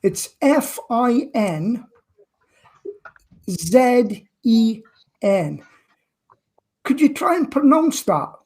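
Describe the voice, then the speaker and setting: A woman's voice: a little high, very animated, extremely slow, long pauses, a little mellow. A woman from England telling chatty anecdotes on a group video call. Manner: storytelling, chatty, laughs at own anecdotes.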